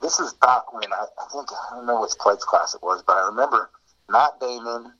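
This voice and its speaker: A man's voice: medium pitch, a little fast, pushed and bright. A man telling fraternity-days stories in a rambling, laid-back way, heard over a muffled remote line. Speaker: interview guest. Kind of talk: casual storytelling.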